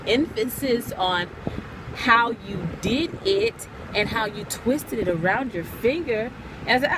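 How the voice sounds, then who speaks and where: A woman's voice: on the high side, expressive, measured pace, noisy background. A mother chatting animatedly in a casual vlog, recorded on a phone inside a moving minivan. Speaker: mother and vlogger. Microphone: phone camera.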